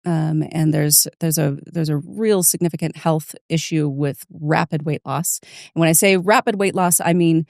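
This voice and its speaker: Low-voiced woman clinician, dry. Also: moderate pace, gravelly, a little mellow, no echo. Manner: earnest, frank clinical opinions. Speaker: nurse midwife, podcast co-host. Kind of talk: casual medical podcast chat.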